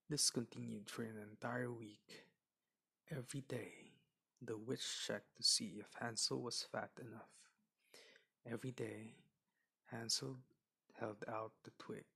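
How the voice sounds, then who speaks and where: A man reading a children's fairy tale aloud in an expressive, gentle way. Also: mid-range voice, creaky, breathy edge. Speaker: storyteller.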